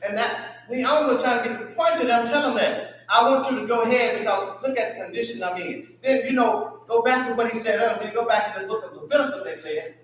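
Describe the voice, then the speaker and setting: A man's voice: very high-pitched, fast, a bit bright, a little hiss or hum. A man with a Southern US accent teaching a Sunday school class, asking the group questions and answering them himself. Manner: call-and-response questioning. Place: church hall. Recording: echoey room from far off.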